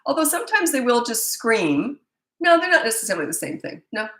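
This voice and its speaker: A woman's voice: a little high, sing-song, fairly quick, a bit bright, reverberant, poor audio. A woman in her fifties, a parenting coach, answering viewer questions in a chatty, blunt way, with stammered restarts. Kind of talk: live Q&A answering viewer comments.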